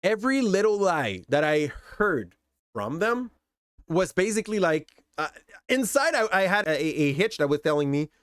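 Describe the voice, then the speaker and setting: Animated man venting. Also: high-pitched, moderate pace, no room sound, clean studio sound. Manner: candid, exasperated storytelling. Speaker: content creator. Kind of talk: personal story vlog.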